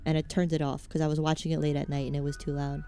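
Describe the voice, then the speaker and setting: A woman's voice: deep voice, monotone, quick pace, dark tone, soft background music. A woman streamer with a Southern American accent chatting casually over a game in a meandering, self-mocking way. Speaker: VTuber streamer. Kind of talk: casual gaming-stream chat.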